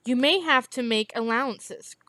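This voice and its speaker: Woman voicing scornful sharp-tongued healer woman, storybook reading, mocking tone, dry close sound. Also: on the high side, normal speed, dry recording, voice pushed up. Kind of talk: reading a novel aloud.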